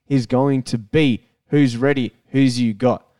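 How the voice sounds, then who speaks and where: An Australian man co-hosting a podcast, talking sport in a blunt, excitable way and swearing freely. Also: medium pitch, unhurried, clean tone, no echo, clean studio sound, distant mic. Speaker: podcast co-host. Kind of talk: casual chat.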